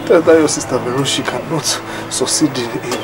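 A man's voice: medium pitch, brisk, very noisy, close to an everyday voice. An actor playing a sick young man with a Nigerian accent, accusing and scornful. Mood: suspicious. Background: loud film score.

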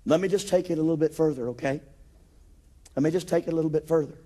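A man preaching a sermon with rising passion, acting out Bible scenes and building to shouted declarations. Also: a little high, quick pace. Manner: acts out Bible scenes in quoted voices.

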